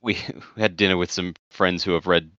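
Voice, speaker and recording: Man, Australian accent, very low pitch, dry, slightly muffled mic, self-deprecating, swears casually. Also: steady tone, brisk, bright, forceful tone, dry recording. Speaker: podcast co-host. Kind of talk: casual chat.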